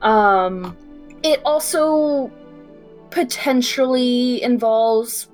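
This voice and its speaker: A woman playing in a tabletop game, playful and quick to laugh. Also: on the high side, faint music behind. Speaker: player. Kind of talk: tabletop role-play chat.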